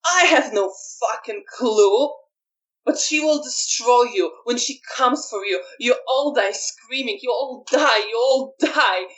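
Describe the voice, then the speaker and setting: A woman's voice: a little high, slow, fairly bright tone, recorded from a distance, pitched above the performer's own voice. A woman voicing a captive male vampire who curses, laughs and half-cries while pleading. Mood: unhinged. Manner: swearing, crying-laughing, pleading. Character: unhinged captive male vampire, weeping and cursing.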